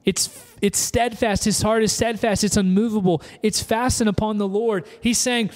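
Recorded on camera during a church service, with long reverb from the hall, a man preaches a sermon as pastor. His high-sitting voice is steady and moves at a normal speed, earnest and emphatic, with repeated phrases building each point.

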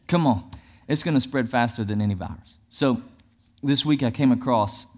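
A male pastor preaching a sermon in an emphatic, repetitive cadence. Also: medium pitch.

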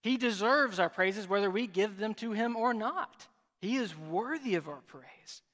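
A man's voice: high voice, expressive, measured pace, a bit bright. A man preaching a sermon as pastor, conversational and joking now and then. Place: large church sanctuary. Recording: reverberant hall.

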